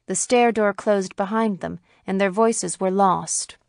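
A woman narrating a classic short story as an audiobook reader, in a measured, even storytelling manner. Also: mid-range voice, gravelly, no room sound, studio quality. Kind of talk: scripted narration.

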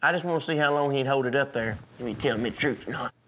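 A man with a Southern US accent, a cowboy chatting and giving interview asides in a folksy, lively way. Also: mid-range voice, fast, slight background noise. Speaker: cowboy and cattle business partner. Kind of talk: reality TV conversation and interview. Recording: music playing under speech.

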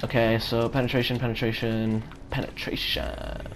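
A man giving live commentary on his own gameplay, excitable, swearing often and repeating phrases in quick bursts. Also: mid-range voice, background noise. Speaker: gamer. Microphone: home setup without face cam.

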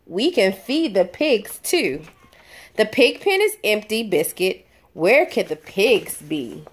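A woman's voice: mid-range voice, very animated, slightly rough. A woman reading a children's picture book aloud, adding barks and oinks along the way. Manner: slow, sing-song read-aloud with barking and oinking sound effects. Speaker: storybook reader.

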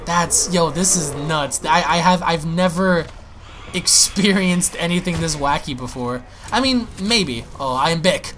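A man giving excitable, profane live commentary while playing a zombie shooter, often repeating his words. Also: a little high, unhurried, noisy background. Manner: excitable, swears, exclaims and repeats himself. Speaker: gaming YouTuber.

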